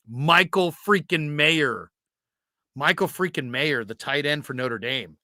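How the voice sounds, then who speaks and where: Bright-voiced, lively man hosting a sports show. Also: a little high, takes it slowly, no room sound, clean studio sound. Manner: animated storyteller, does impressions. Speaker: sports radio host. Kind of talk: casual podcast chat.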